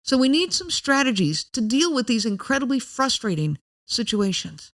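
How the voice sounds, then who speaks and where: A woman's voice: fairly high pitch, big pitch swings, moderate pace, fairly bright tone. A woman hosting a podcast, explaining in an earnest, direct way and speaking straight to the listener. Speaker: podcast host.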